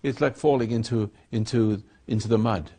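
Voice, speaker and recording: A man's voice: on the low side, steady tone, moderate pace, warm tone, husky. A man speaking as a spiritual teacher in a sermon dialogue, rambling and acting out quoted voices.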